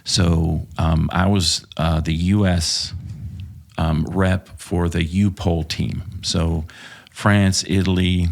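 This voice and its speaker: Gravelly low-voiced man from Texas. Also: flat delivery, slow pace. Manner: profane, hesitant with many fillers. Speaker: podcast guest, former police officer. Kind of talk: casual storytelling.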